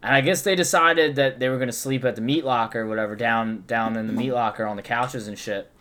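Talking fast at medium pitch, a young man recounts a rowdy tale in casual conversation. Swearing throughout, he livens up whenever he quotes and performs what his friends said.

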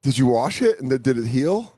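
A man's voice: mid-range voice, very animated, a little fast, warm tone, a little hiss or hum, rough recording. A man hosting a podcast, telling crude comic stories in a loose, swearing, casual chat. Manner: loose, swearing, storytelling with silly voices. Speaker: podcast host.

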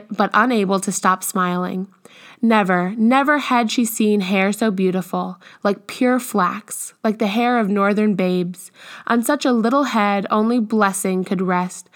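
A woman reading a classic novel aloud as audiobook narrator, measured and even. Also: medium pitch. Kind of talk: scripted narration.

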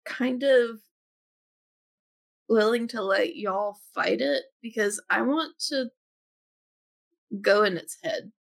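A woman's voice: on the high side, slow pace, gravelly, pauses often. A woman playing in a tabletop game, chatting casually and a little self-deprecating. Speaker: player.

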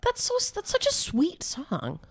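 A woman co-hosting a podcast in casual chat, playful and teasing, with quick jokes. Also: high voice, huge pitch swings, no room sound, studio quality. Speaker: podcast co-host.

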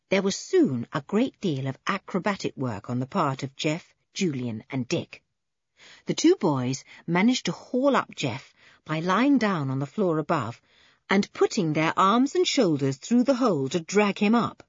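A woman reading a children's adventure story aloud with expressive narration. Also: fairly low pitch, measured pace, husky, dry recording, highs cut off.

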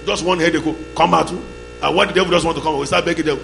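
A man preaching a sermon as pastor, calling the congregation to shout back, in a church hall with music and hum behind. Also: on the high side, steady tone, fast, vocal fry. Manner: call-and-response, shouting bursts.

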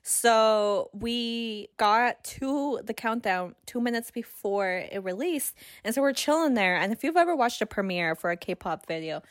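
A woman's voice: a little high, a little slow, hardly any pauses, no room sound. Dry-sounding woman telling a story. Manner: animated storyteller, acts out quotes. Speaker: podcast co-host. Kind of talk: casual chat.

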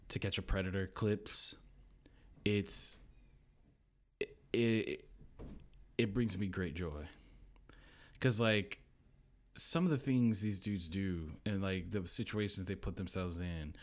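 A young man, a podcast guest, telling a story in casual chat, acting out voices and laughing often. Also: fairly low pitch.

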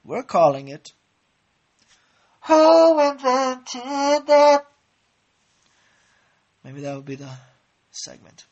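A man's voice: mid-range voice, breathy edge, dull audio. A man voicing a theatrical male announcer with a hammy mock accent. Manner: loud, drawn-out, theatrical delivery.

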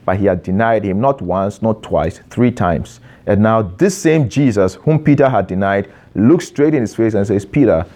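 A man's voice: fairly low pitch, normal speed, hardly any pauses, dark tone. A man preaching a sermon, emphatic, repeating phrases and stretching out stressed words, addressing his young listeners directly with questions.

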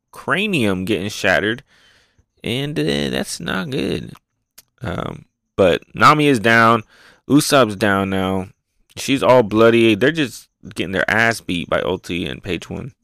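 Excitable, rambling male host, casual chat, dry and close. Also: medium pitch, measured pace, no echo. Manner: excitable, rambling, repeats words. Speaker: podcast host reviewing manga.

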